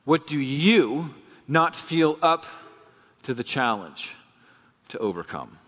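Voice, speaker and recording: A man's voice: fairly high pitch, very animated, slow, a bit bright. A man preaching a sermon as pastor, earnest and fervent, putting rhetorical questions to his congregation in a church sanctuary. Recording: long reverb, dull lo-fi sound.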